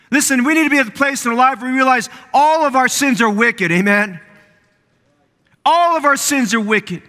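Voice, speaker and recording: High-voiced pastor preaching in a church hall. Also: male voice, moderate pace, sharp tone. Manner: preaching with rising fervor, repeating phrases for emphasis. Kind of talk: sermon. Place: church sanctuary.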